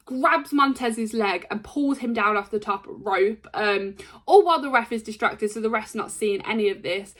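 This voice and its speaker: Bright, excitable woman recapping wrestling. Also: fairly high pitch. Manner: excitable, rambling, full of ums and likes. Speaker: wrestling show reviewer. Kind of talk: casual recap of a wrestling show.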